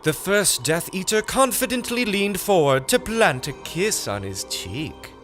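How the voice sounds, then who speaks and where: A man narrating a comic nonsense story with a slow, deadpan delivery. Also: sits high, faint music behind. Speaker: audiobook narrator.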